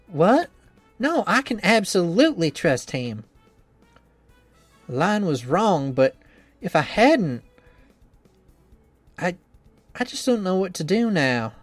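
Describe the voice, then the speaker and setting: A man's voice: high voice, big pitch swings, slow, long pauses, no room sound, faint music behind, heavily acted. A man voicing a cheerful young woman trainer who is anxious about her cooking, reading a visual novel game in an earnest, rambling, self-doubting way.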